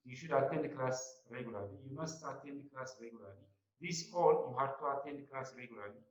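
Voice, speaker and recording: A man's voice: medium pitch, fast talker. A man teaching an English grammar class, repeating his points and often checking with "right?". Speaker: college English lecturer. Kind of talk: classroom lecture. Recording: echoey muffled classroom recording.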